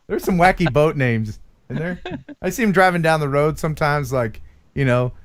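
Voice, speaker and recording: A man's voice: a little high, normal speed. A man, around his forties, hosting a casual live stream chat in a goofy, playful way and laughing often. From USA.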